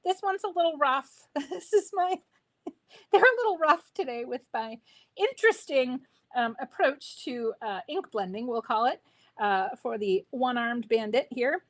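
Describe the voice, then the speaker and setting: A woman's voice: sits high, lively intonation, measured pace, fairly bright tone. A woman hosting a live crafting stream, chatting with viewers in a bubbly, enthusiastic way while she works. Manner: talks to viewers while working. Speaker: craft livestream host. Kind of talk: live crafting demo chat.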